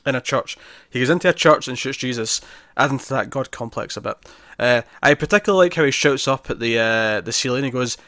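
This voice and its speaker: A man co-hosting a casual podcast, chatting through a film review with lots of restarts and animated emphasis. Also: medium pitch, fairly quick, no room sound, studio quality. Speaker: podcast co-host.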